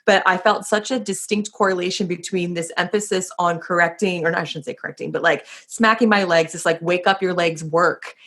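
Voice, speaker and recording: A woman hosting a yoga podcast, telling a story in an animated way with frequent laughter. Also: lowish voice, a little fast, hardly any pauses. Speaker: podcast host. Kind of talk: conversational podcast interview.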